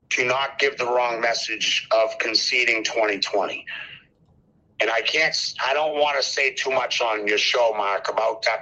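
This older caller's mid-range voice sounds pushed and bright as he preaches fervently to a talk show, hammering phrases through repetition. The line carrying him is muffled and lo-fi.

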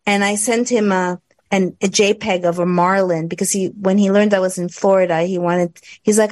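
A woman's voice: mid-range voice, steady tone, moderate pace, darkish tone, dry recording. Chatty woman with a dry close sound. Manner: chatty, sarcastic asides, rambling. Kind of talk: casual chat.

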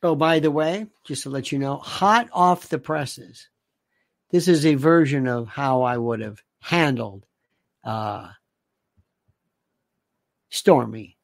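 A man's voice: medium pitch, slow pace, creaky, pauses often. A man hosts his own commentary show in an unscripted rant. He is sarcastic and exasperated, fires off rhetorical questions, and often restarts his sentences. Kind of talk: casual political rant.

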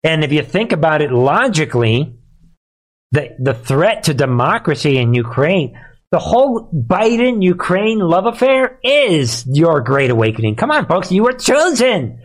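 A man's voice: fairly high pitch, sing-song, unhurried. A man hosting a live commentary show, talking in a sarcastic, emphatic way and often addressing listeners as "folks.".

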